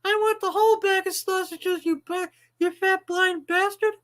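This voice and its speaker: Cartoonish greedy pet dog, high whiny bark-talk, crude complaints; a woman doing the voice. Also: steady tone, moderate pace, fairly bright tone. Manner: complaining, foul-mouthed.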